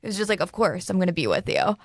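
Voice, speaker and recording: A woman's voice: fairly low pitch, big pitch swings, fast talker, no echo, clean studio sound. A woman hosting a casual podcast interview, reacting with short astonished interjections and casual swearing. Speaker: podcast host.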